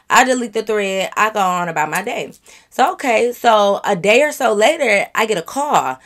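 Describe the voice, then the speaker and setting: A woman tells a storytime vlog, chatty and animated. She talks straight to her viewers, with lots of asides and quick rhetorical questions. Her pitch sits in a middle range. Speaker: vlogger.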